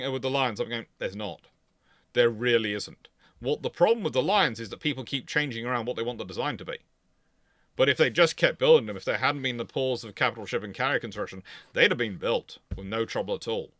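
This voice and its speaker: A man talks through viewer questions on a livestream, emphatic and chatty, often restarting his sentences as he thinks. His voice has a bright, forward edge. The sound is dry and close, with no room around it. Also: mid-range voice, dry recording. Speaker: naval history livestream host. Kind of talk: casual livestream Q&A.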